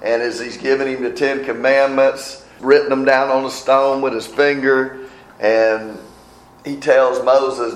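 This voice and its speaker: A man preaching a sermon in a conversational way, asking the listeners questions and reading scripture aloud slowly. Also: mid-range voice, flat delivery. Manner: conversational, asks the congregation questions. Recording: echoey room.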